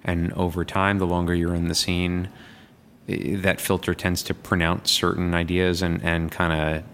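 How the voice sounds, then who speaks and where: A man's voice: low-pitched, flat delivery, normal speed, fairly bright tone, big-room sound, a little hiss or hum. A man, an improviser, chatting casually and reflectively about his craft. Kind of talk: casual chat.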